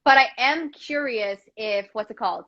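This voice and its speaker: A woman with a fairly high voice co-hosts a relaxed podcast chat. She rambles and thinks aloud. Her voice comes through a muffled, lo-fi video call line. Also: normal speed. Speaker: podcast co-host. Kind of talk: casual chat.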